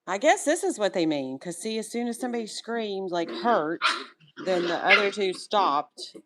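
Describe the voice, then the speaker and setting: Filming her litter, a puppy breeder talks casually to the puppies and her viewers, soothing and coaxing them to calm down. Her medium-pitched voice moves at normal speed, while the noisy room behind her is full of puppies yapping and scuffling.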